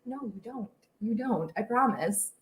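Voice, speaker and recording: A woman's voice: on the high side, expressive, unhurried, a little hiss or hum. Brief: young woman, chatty livestream baking host, rambling, a roomy echo in the kitchen. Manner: chatty, rambling, reads out viewer comments. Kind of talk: casual live-stream chat while cooking. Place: home kitchen.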